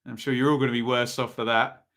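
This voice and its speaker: A man's voice: mid-range voice, flat delivery, fast, fairly bright tone. A man with an East Anglian accent hosting a live football watch-along, giving chatty running commentary and reacting to viewers in the chat.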